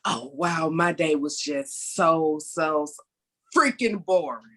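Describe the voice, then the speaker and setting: A woman's voice: deep voice, slow pace, fairly bright tone. A woman co-hosting a casual podcast who complains about her own day in a self-mocking way. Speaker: podcast co-host. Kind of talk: casual chat.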